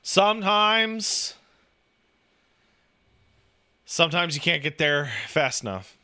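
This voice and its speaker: His voice sits at medium pitch and moves a bit slowly. He's casually chatting, wandering from point to point, swearing, leaning on "like" over and over, and bringing his stories to life by performing the quoted lines.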